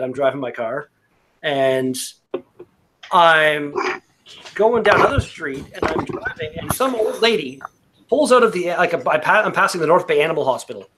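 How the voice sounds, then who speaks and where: A man with a Canadian accent telling a relaxed, rambling, profane story among friends. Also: on the high side, a little hiss or hum. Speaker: beer review podcast regular.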